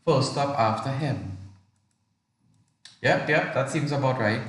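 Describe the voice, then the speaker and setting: A man's voice: mid-range voice, slow pace, pauses often, a bit bright. Man teaching a quizzing revision class. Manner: asks students many questions, reads sentences aloud to model intonation. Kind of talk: online exam revision class. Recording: echoey room, distant mic.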